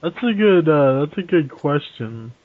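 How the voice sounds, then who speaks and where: A man co-hosts a podcast and teases the guest with provocative questions. His voice is lively and a little high. It sounds thin, dry and phone-like. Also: measured pace, no room sound. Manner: teasing, asks provocative questions. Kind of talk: casual podcast chat.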